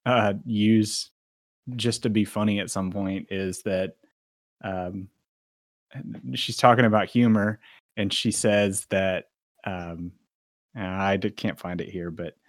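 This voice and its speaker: A man's voice: fairly low pitch, no echo, clean studio sound. A man co-hosting a casual podcast, talking hesitantly with many fillers. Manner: hesitant, many ums and uhs. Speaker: podcast co-host.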